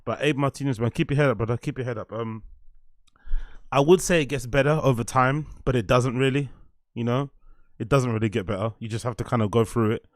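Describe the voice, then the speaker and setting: A man's voice: mid-range voice, steady tone, brisk, no echo. Young man, casual streamer, swears a lot, mid voice, dead-dry sound. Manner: laid-back, swearing, laughs often, reads chat aloud. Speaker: livestream host. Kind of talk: casual livestream chat.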